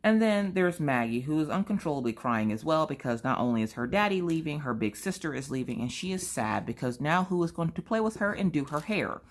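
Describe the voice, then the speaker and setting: A mother vlogging at home at night, retelling her family's day in an animated, dramatic way, often tagging "okay?". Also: low-pitched, fairly quick, few pauses. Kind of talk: casual storytelling to camera.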